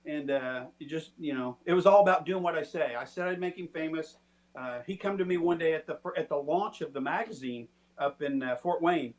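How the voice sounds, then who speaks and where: A man with a high voice tells a story in a loose, chatty way. He puts on the voices of the people he quotes. He sounds middle-aged. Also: fairly quick. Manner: animated, acts out quoted people. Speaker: storytelling guest. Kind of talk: casual storytelling.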